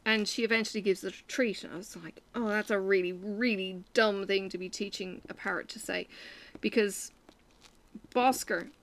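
A woman's voice: mid-range voice, fairly even intonation, normal speed. A woman from Ireland with an Irish accent, chatting casually and telling rambling stories while she stitches for her crafting vlog. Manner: rambling, chatty storytelling with frequent fillers. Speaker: crafting vlogger.

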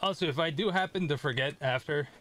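This man talks fast in a somewhat high, slightly bright voice while playing a video game on stream. His commentary is rambling and self-deprecating, he curses at the game, and there's a little background noise.

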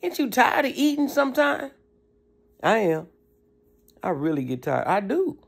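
Gravelly, preachy motivational talker. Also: medium pitch, very animated, unhurried. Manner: preachy, emphatic, casual slang. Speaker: motivational speaker. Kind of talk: motivational talk.

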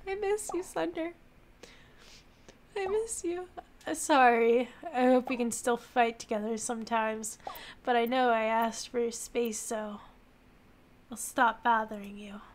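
A woman reading the apology message of a remorseful young man in a visual novel, quiet and pleading. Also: a little high, level tone, a little slow, slight background noise, pitched below the performer's own voice, lightly acted.

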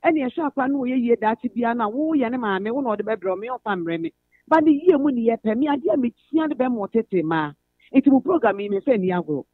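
A Ghanaian woman phoning in to a radio show, telling a long family story in an earnest, steady way. Her voice comes through a narrow, tinny telephone line. The sound is dry, with no room around it. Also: fairly high pitch, no room sound. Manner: earnest, recounting family troubles at length. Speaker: radio caller. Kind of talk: phone-in personal story, code-switching.

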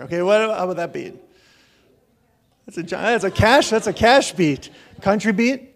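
A man's voice: high-pitched, lively intonation, normal speed, gravelly, long pauses, noisy background. A middle-aged man preaching a casual, joking sermon to his congregation. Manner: joking, chatty, self-deprecating. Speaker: pastor. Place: church hall.

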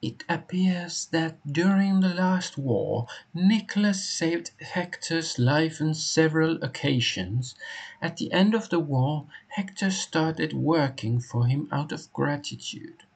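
A game character passing on gossip in a lifted, higher voice, as a man reads the lines aloud. The delivery is slow and rough-edged, with a gravelly grain under the raised pitch. Faint music plays behind. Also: expressive, exaggerated voice. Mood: informative. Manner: reads on-screen dialogue aloud.

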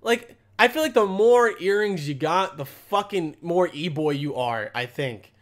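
A man's voice: high voice, animated, unhurried. A young man hosting comedic reaction commentary, rambling crudely in a mock-outraged way. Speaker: commentary host.

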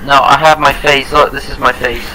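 A man's voice: medium pitch, little pitch movement, moderate pace, very noisy. A young male speaker on a casual group video call, insistently repeating names to get attention.

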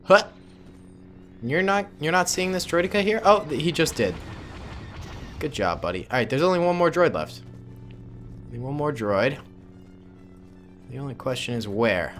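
A man of middle pitch hosts his own gameplay video with casual, joking commentary. His intonation swings widely, and faint music plays underneath. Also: a bit bright. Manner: playful, jokey, talks to viewers as "boys". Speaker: gaming YouTuber.

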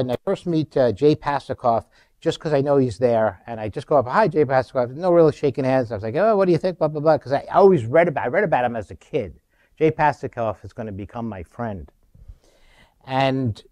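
A middle-aged man giving a lively storytelling talk in a university auditorium, acting out quotes with sudden loud bursts. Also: mid-range voice. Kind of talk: animated storytelling.

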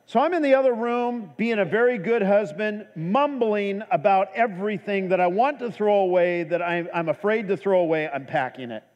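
A man's voice: high voice, moderate pace, hardly any pauses, highs cut off. A male pastor preaching a sermon, telling a humorous story before turning earnest. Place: church. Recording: echoey church hall.

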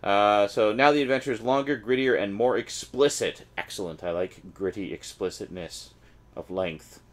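Man from Canada, lower voice, casual unboxing chat, wry asides. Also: moderate pace. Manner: chatty and wry, reading blurbs with mock enthusiasm. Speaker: unboxing vlogger. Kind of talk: casual package-opening chat.

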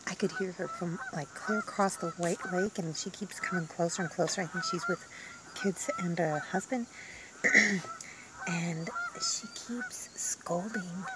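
A woman vlogs from a lakeside campground in a hushed, wry murmur that often drops to a whisper. Her voice sits a little low. Clear outdoor noise and honking geese carry behind her. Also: measured pace. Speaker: van life vlogger. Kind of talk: casual vlog commentary.

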